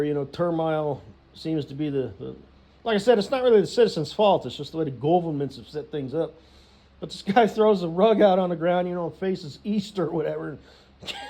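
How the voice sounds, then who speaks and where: Profane rambling storyteller, man, a bit high-pitched. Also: mellow. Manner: profane, rambling, laughs a lot, says "you know" constantly. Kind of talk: rambling casual rant.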